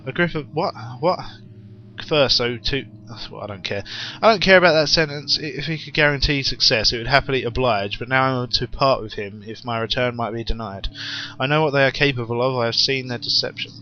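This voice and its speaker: Reading horror-game notes out loud, a young man adds wry, rambling commentary as a let's-play gamer. He speaks in a mid-range voice, with the high frequencies cut off and slight background noise present.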